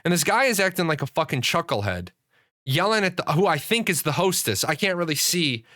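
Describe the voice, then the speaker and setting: A middle-aged man telling a story on a livestream in a casual, profane and animated way, with frequent restarts. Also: a little high, a little fast. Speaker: streamer.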